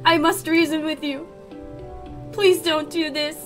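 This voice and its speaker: Sassy high-voiced woman playing a story game. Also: a little slow, faint music behind. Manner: animated, sassy, reads dialogue aloud. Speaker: game streamer. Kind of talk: reading a story game aloud with commentary.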